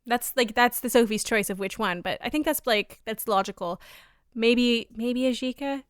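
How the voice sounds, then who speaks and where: A woman's voice: on the high side, smooth, dry recording, clean studio sound. A young woman co-hosting a podcast, teasing and playful in casual chat. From Canada. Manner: playful, teasing, quick back-and-forth. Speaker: podcast co-host.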